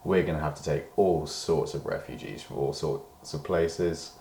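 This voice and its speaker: Super deep voiced british guy rambling into the camera, lots of "you know" and restarts, echoey room. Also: normal speed, vocal fry, a little mellow, slight background noise. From Britain. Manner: meandering, full of hedges and restarts, swears when worked up. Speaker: diary vlogger. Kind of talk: rambling personal monologue.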